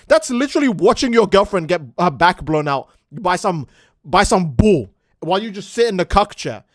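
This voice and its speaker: Male streamer, profane ranting commentary, lively and high-pitched. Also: normal speed, no room sound, studio quality. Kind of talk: casual gaming stream commentary.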